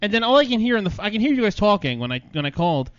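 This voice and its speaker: A man's voice: sits high, racing, dry recording. A man co-hosting a podcast in crude, profane banter, laughing often. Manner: profane, animated, laughs a lot. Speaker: podcast co-host. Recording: dry, dull lo-fi audio.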